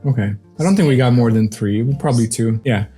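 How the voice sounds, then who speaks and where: A man's voice: mid-range voice, fast talker, dark tone, faint music behind. A man hosting a casual vlog, chatting loosely while eating on camera, with lots of fillers and restarts. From grew up outside the USA. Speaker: vlog host.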